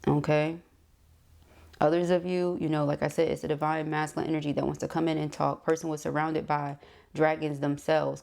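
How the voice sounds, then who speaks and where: A woman in her thirties giving a casual tarot reading, talking fast and excitedly, stumbling over her words and laughing at herself. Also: low-pitched, gravelly. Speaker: tarot reader.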